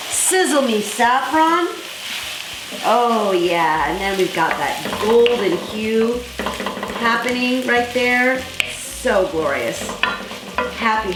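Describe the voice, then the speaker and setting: A woman's voice: on the high side, roomy sound. A woman hosting a cooking demonstration in a kitchen, talking viewers through each step in an effusive, enthusiastic, chatty way. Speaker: cooking show host.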